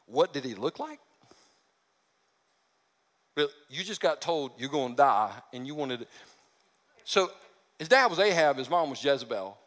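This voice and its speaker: Joking pastor preaching in a big hall. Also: male voice, medium pitch, very animated, a little slow, long pauses, a bit bright. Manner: humorous, conversational preaching with acted voices. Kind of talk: sermon. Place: church sanctuary. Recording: long reverb of a large hall.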